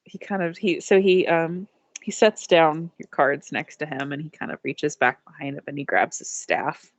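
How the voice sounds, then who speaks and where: A young woman narrating as dungeon master, giggling often and pausing with lots of ums. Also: low voice, dry recording. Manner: giggly, halting with many ums. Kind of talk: narrating a tabletop game.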